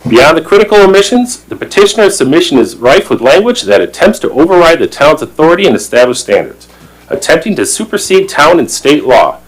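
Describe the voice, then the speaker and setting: A man's voice: fairly high pitch, big pitch swings, brisk, rough recording. A man on a town plan commission reading a prepared statement at a public meeting, formal and emphatic, stumbling over words now and then.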